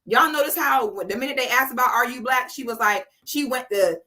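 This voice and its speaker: A woman in her 30s hosts a livestream, delivering a casual commentary rant that's blunt, sassy and profane. Her voice sits a little high and sounds pushed and bright, and she talks briskly.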